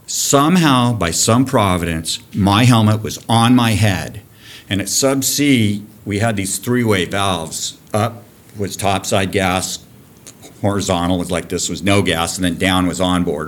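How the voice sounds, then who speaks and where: Brief: deep-ish man in his fifties, podcast guest, swings his pitch widely, swears freely. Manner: animated, profane storyteller who acts out shouting. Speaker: dive program director, guest. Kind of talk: storytelling on a podcast.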